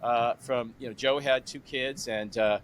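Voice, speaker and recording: A man in his sixties hosting a podcast interview, chatty and animated, acting out conversations as he retells them. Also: medium pitch, a little slow, clean tone. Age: 60s. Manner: animated, retells phone calls with lively imitated voices. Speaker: podcast host. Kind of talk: casual interview.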